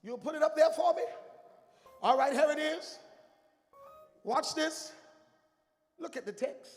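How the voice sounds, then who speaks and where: A male guest preacher delivering a Pentecostal sermon, calling for responses from the congregation and rising to shouted, sing-song cadences. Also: extremely high pitch, measured pace, long reverb tail, soft background music. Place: large church sanctuary.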